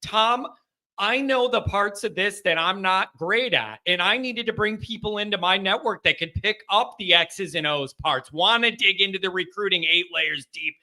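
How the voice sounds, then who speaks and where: An upbeat male host taking calls on a casual sports show. His voice sits high and sounds very bright and sharp. He talks frankly and keeps things friendly. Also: normal speed. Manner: upbeat, frank, says "man" often. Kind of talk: casual call-in chat.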